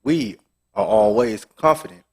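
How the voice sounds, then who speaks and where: A man with a low voice reading scripture verses aloud in a sermon. He reads in steady, measured phrases, one at a time. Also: slightly rough. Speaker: scripture reader.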